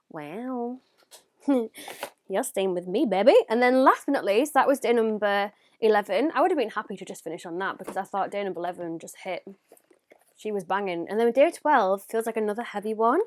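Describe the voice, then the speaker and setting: A young woman unboxing makeup in a casual vlog, gushing and excitable, now and then dropping to a whisper or gasping. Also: mid-range voice, dry recording, clean studio sound. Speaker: beauty vlogger.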